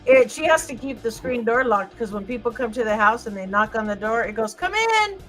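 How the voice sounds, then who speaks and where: A woman in casual chat, retelling an anecdote with quick mimicry. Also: a little high, soft background music, rough recording.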